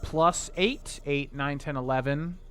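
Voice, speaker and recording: A man narrates his gameplay in a casual let's-play style, voice sitting a touch high for a man. He counts sums half under his breath and grumbles with mock exasperation. Faint music plays underneath. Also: takes it slowly, fairly bright tone. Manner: thinks aloud, counting and muttering sums to himself. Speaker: streamer playing a video game.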